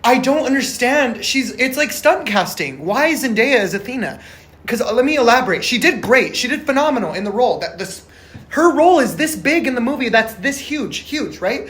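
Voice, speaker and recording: A man's voice: very high voice, big pitch swings, normal speed, a bit bright. A man talking to camera in a casual vlog. He rambles, swears often and sounds passionate and frustrated. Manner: rambling, emphatic, swears a lot. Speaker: vlogger reviewing a film.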